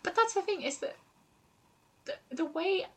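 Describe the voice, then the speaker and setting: A young woman co-hosting a casual book chat, animated and laughing, often jumping into playful voices. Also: extremely high pitch, unhurried. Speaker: podcast co-host.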